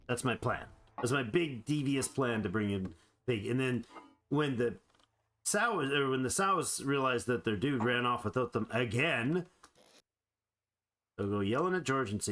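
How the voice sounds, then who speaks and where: Playful man narrating a game, lively pitch. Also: normal speed. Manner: playful, rambling, talks to animals in game. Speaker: gamer. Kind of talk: let's play commentary.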